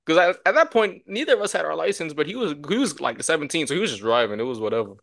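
Animated young man telling stories. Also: on the high side, quick pace, gravelly. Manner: animated storyteller, acts out quotes with shouts. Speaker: podcast co-host. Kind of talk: casual storytelling chat.

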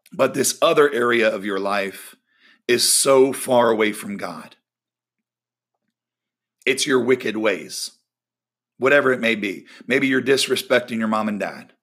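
A man's voice: medium pitch, a bit bright. A man preaching a sermon in an earnest, emphatic way, repeating key phrases and now and then poking fun at himself.

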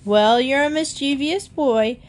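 A woman's voice: high-pitched, pitched above the performer's own voice. A woman voicing a bossy, prim talking bird that scolds a boy. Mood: scolding. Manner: scolding, brisk.

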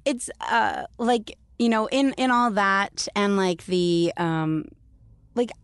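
A woman guest talks in a chatty, rambling way, full of fillers and quick asides. She laughs often as she goes. Her voice is close to the mic, in a dry setting. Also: medium pitch, dry recording. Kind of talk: casual chat.

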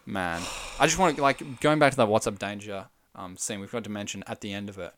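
A man co-hosting a casual film chat podcast, excitable, often trailing off into sighs and soft half-whispers. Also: lowish voice, fast talker, slight background noise. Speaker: podcast co-host.

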